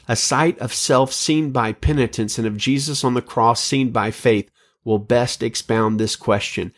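A male preacher delivers a sermon in a measured, earnest voice, reading scripture aloud. His pitch sits in an ordinary middle range, and he leans on key words for emphasis. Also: lively intonation.

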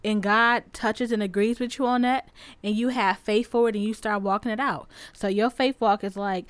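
A young woman from the west side of Chicago, hosting a faith podcast in a chatty, animated way and retelling Bible stories in everyday slang. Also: medium pitch, normal speed, dry recording. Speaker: podcast host. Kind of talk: casual faith podcast talk.

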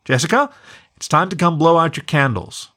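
A bright, teasing young mother dog in a storybook, as a man puts her on, raised in pitch. Her voice lilts with lively ups and downs. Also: moderate pace. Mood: fond.

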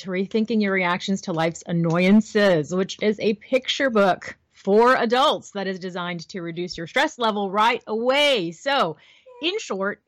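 A woman voice talent talks through her answers earnestly, laughing lightly now and then. Her pitch sits at a mid level. The recording is dry and close, with no room reflections. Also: no echo. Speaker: voiceover artist and author, guest. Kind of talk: interview answers.

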